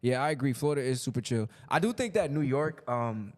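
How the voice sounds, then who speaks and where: A man's voice: medium pitch, animated, a little fast. A man co-hosting a podcast, reading out viewer comments and chatting casually with his friends. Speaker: podcast co-host reading chat. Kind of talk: casual chat.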